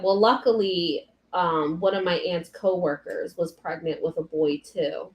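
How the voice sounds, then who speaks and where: A woman's voice: lowish voice, unhurried, hardly any pauses, roomy sound. A young woman cake decorator chatting on a live stream, ranting animatedly and cursing freely. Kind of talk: casual live stream chat.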